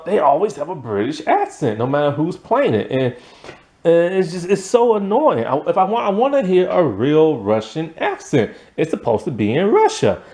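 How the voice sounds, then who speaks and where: A man's voice: a little high, darkish tone. A young man casually reviewing a TV series, rambling with lots of ums and likes and chuckling now and then.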